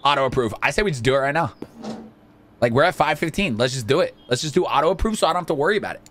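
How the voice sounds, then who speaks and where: A man hosting a casual let's-play video, excitable and jokey, chatting to the game's characters as he plays. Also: on the high side, racing, slight background noise. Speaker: gaming video host.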